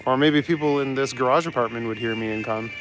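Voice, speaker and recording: A man's voice: mid-range voice, a little fast, loud music behind the voice. A young man in casual chat as a live streamer, walking outdoors through city streets and chuckling as he answers his chat. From Canada. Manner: laid-back, chuckles often, reads out chat.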